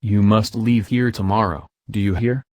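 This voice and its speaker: A man's voice: lowish voice, steady tone, normal speed, darkish tone, no room sound, natural voice. A man reading the part of a brooding, hunted young man in an audiobook, with an impassioned, pleading delivery. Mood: anguished.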